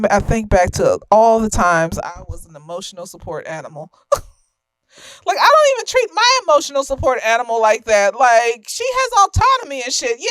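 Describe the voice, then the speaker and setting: Young woman, casual profane reviewer, slightly tipsy, laughs a lot; high, smooth, resonant voice. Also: fairly bright tone, no echo. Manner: profane, laughing often, emphatic. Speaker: film reviewer.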